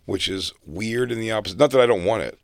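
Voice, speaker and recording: A man's voice: lowish voice, fast, dry recording, studio quality. A man rambling through casual stories in a laid-back way. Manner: rambling and laid-back, full of fillers and restarts. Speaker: comedian podcast guest. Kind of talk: casual storytelling chat.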